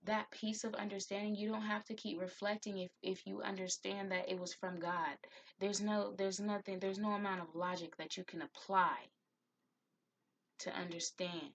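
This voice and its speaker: A tarot reader gives a heartfelt, encouraging spiritual reading and admits she's getting emotional. Her voice is medium-pitched with little pitch movement, and she speaks at normal speed.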